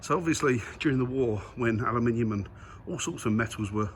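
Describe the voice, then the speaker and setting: A brisk, medium-pitched man vlogs casually from a handheld camera, chatting eagerly to viewers as he strolls the museum grounds and aircraft halls. Background ambience is noisy.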